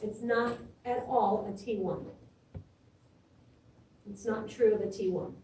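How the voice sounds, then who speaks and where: A woman's voice: medium pitch, steady tone, takes it slowly, dark tone, slight background noise. A middle-aged woman teaching a classroom lecture in a conversational way, often checking in with "okay?". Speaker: imaging instructor. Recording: echoey room from far off.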